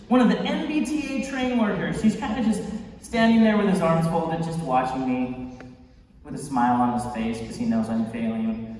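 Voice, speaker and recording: A young man giving an energetic, playful motivational talk, telling stories and laughing often. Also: fairly high pitch, a little hiss or hum. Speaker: motivational speaker. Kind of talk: motivational storytelling speech. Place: large convention hall. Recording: echoey hall from far off.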